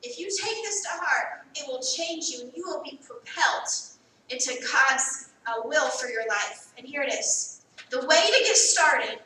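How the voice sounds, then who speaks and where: A very high, sharply bright American woman preaches in a church, repeating key phrases and swinging between quiet asides and loud calls. Her voice reaches the mic from a distance and rings with a heavy, roomy echo. A faint hum of the room sits underneath. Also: expressive, measured pace. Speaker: pastor. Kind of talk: sermon. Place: church sanctuary.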